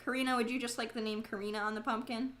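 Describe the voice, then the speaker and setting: Chatty, high-voiced woman live streamer. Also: steady tone, rapid-fire. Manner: chatty and self-mocking, swears freely, bursts into loud frustrated outcries. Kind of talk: casual live-stream chat to viewers.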